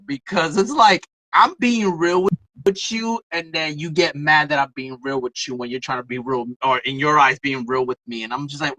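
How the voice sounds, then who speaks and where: Woman guest on a podcast, bright forceful voice, acts out quotes, dry close sound. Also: low-pitched, moderate pace, no room sound, rough recording. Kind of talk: casual conversation.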